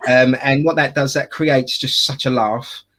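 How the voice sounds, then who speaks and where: A man's voice: medium pitch, fairly even intonation, a little slow, a bit bright. A man with an Essex accent, chatting casually as a wedding photographer and podcast co-host, jokey and full of fillers and restarts. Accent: Essex English.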